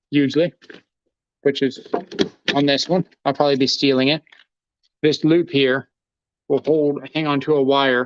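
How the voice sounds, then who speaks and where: A man's voice: mid-range voice, clean tone, no echo. A man hosting a live tool demonstration, talking casually while he handles his gear. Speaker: host demonstrating tools. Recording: dull lo-fi livestream audio.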